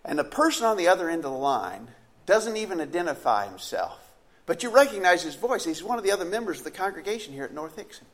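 A man's voice: sits high, very animated, quick pace, a bit bright. A man preaching a sermon in a conversational, storytelling way, asking the listeners questions and restarting phrases as he goes.

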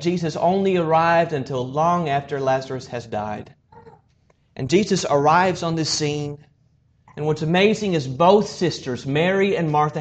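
A male preacher with a slightly higher voice delivers an earnest sermon. He swells to loud, emphatic lines and then drops to a soft hush.

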